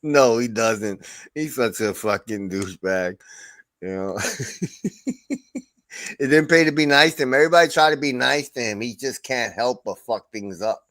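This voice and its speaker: A middle-aged man talks casually on a livestream, spinning profane stories and breaking into laughs. His voice sits mid-pitch and sounds dry and close to the mic. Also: normal speed, pauses often, fairly bright tone, no room sound. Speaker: stream host.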